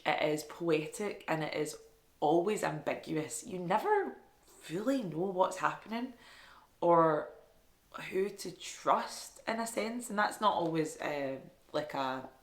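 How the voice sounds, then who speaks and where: A woman's voice: fairly low pitch, lively intonation, a little slow. A woman chatting casually about books she loved, enthusiastic and self-deprecating. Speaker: book reviewer. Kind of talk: casual book review vlog. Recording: echoey room.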